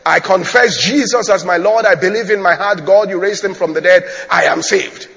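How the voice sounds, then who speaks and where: A stubborn, hulking former drunkard declares himself saved, loud, firm and a little higher than a preacher's plain voice, as a male preacher puts him on. The sound is dull and rings in a long hall reverb. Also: normal speed, vocal fry. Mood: insistent. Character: blunt huge former drunkard man, newly converted, stubbornly sure.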